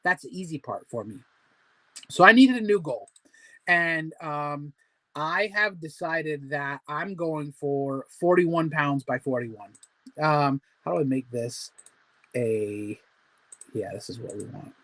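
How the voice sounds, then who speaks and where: A man's voice: fairly high pitch, lively intonation, takes it slowly, fairly bright tone, dry recording. Rambling, upbeat man in his forties. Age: 40s. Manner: rambling, filler-heavy, motivational. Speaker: host of a weight-loss support group. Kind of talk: casual livestream chat.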